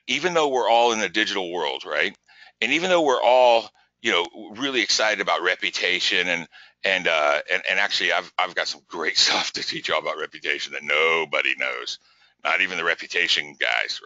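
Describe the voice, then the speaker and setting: A man hosting a live business webinar, talking in an energetic, repetitive, pushy coaching way. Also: fairly low pitch, no echo, muffled recording. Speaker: webinar host.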